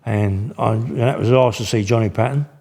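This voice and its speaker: A man's voice: medium pitch, a little fast, vocal fry, mellow. An older man, telling stories in casual, slangy speech with many restarts. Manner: rambling, slangy, full of restarts. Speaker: guest. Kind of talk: casual storytelling.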